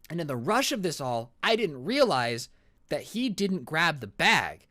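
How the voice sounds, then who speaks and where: A young man vlogger narrating a story in an animated, joking, dramatic way. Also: on the high side, a little slow, dry recording, clean studio sound.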